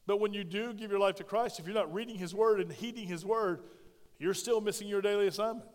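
High-voiced pastor preaching in a reverberant hall. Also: male voice, fairly quick. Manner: animated preaching, swinging between loud emphasis and hushed, intimate tones; conversational, asks the congregation questions. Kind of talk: sermon. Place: church sanctuary.

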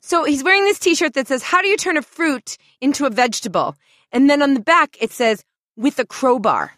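A woman co-hosting a podcast, telling a story in a sarcastic, animated way and acting out what people said. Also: high voice, fairly quick, no room sound, clean studio sound. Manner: animated, sarcastic, acts out quotes loudly. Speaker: podcast co-host. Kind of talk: comedic storytelling chat.

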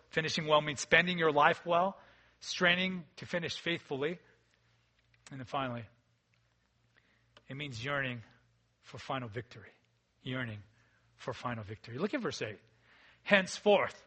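A man preaching a sermon as a pastor, in a conversational way that swings between loud emphasis and quiet, intimate asides. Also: mid-range voice, slightly rough.

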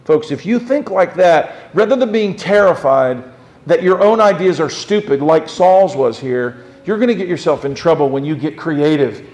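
High-pitched guy preaching in church, lively, keeps asking the crowd stuff. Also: moderate pace. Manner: animated, swings from low to high and emphatic. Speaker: pastor. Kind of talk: sermon.

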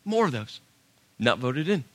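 A man preaching a sermon as pastor, telling a personal story in an animated way and acting out his own inner dialogue. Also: medium pitch, measured pace.

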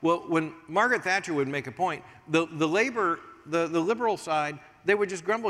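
An older American man preaching a sermon as pastor, swinging from hushed asides to emphatic points. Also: a little high, brisk, few pauses. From United States. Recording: long reverb of a large hall.

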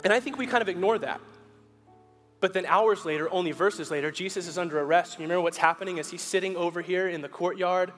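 High-voiced preacher in a reverberant hall. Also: male voice, faint music behind. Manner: shifts between hushed, slow storytelling and rising, forceful appeals; acts out the Bible characters' lines in a casual, buddy-like voice. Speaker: pastor. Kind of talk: sermon.

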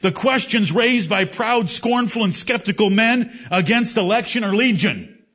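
A man preaching a sermon to a congregation, reading scripture with emphatic, drawn-out delivery. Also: high voice, animated, a bit bright. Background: congregation responses.

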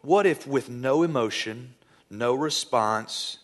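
A man preaching a sermon in church as pastor, animated and playful, acting out little scenes. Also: fairly high pitch, moderate pace.

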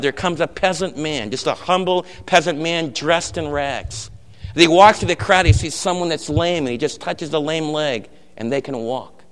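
A man preaching a sermon as pastor, telling a story in an earnest way with frequent soft drops. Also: on the high side. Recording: long hall reverb.

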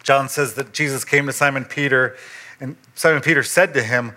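A man, a pastor, preaching a sermon in a conversational way and rising in pitch when he stresses a point. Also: normal speed. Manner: conversational preaching, animated rises for emphasis.

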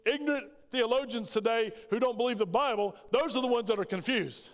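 A man's voice: very high-pitched, a little fast. A man preaching a sermon as pastor, firing off rhetorical questions and acting out scripture quotes. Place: church sanctuary. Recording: long hall reverb.

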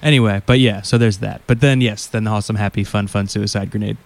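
A man co-hosting a casual anime discussion podcast, wisecracking in quick bursts. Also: fairly low pitch, fairly even intonation, vocal fry, no room sound. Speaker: podcast co-host.

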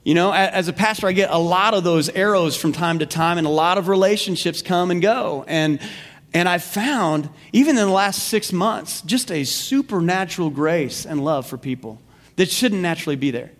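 A male pastor with a high voice preaches with animation, throwing questions to the congregation and repeating his key lines. His words carry through a long reverb in a church sanctuary. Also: normal speed. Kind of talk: sermon.

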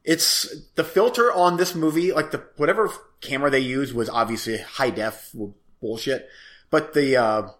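A man's voice: medium pitch, normal speed, a bit bright. A man co-hosting a casual podcast, ranting about a bad movie, profane and laughing often. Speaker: podcast co-host reviewing movies. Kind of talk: casual chat.

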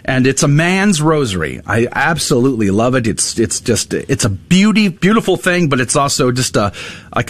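A man hosting a faith talk show, telling a story with great animation and acting out the quotes. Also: no room sound. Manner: animated storyteller, acts out quotes with big pitch jumps. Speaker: Catholic radio host.

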